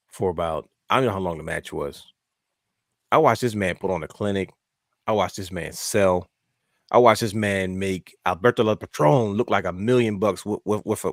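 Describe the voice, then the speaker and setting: A man co-hosting a wrestling podcast, telling stories in a lively way and acting out his own reactions. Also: low-pitched, no room sound, studio quality. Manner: animated storyteller, acts out his own thoughts. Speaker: podcast co-host. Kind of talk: casual wrestling chat.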